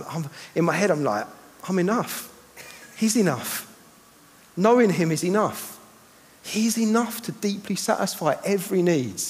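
A man, preaching a sermon with passion, swinging between loud and hushed. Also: high-pitched. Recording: hall reverb.

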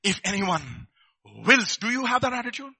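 Animated preacher, bright high voice. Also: male voice, normal speed, slightly rough, dry recording. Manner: animated, rhetorical questions, mimics people. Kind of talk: sermon.

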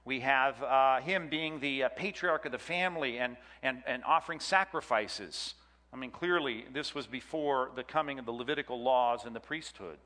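A man with a medium-pitched, bright and forceful voice teaches a Bible class at a moderate pace, chatting, joking and quizzing his audience. The lecture carries a long hall reverb.

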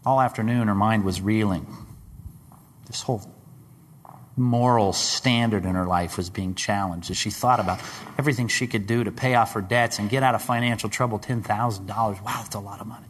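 A man's voice: steady tone, normal speed, a little hiss or hum. Man preaching in a reverberant hall. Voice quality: dramatic, swings from loud high questions to hushed low tones. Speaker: pastor. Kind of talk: sermon.

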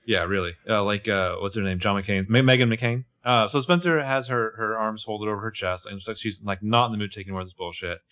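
A man's voice: fairly low pitch, fast, few pauses. A man co-hosting a podcast, recapping a TV episode in casual chat, laughing often and acting out the characters' lines. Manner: animated, laughing, acts out quotes. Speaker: podcast co-host.

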